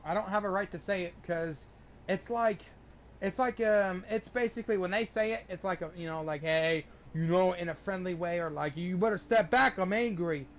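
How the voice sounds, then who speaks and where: A man's voice: high voice, a little hiss or hum. A young man telling a long personal story in casual chat, rambling and swearing often, with lots of restarts. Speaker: gamer streamer.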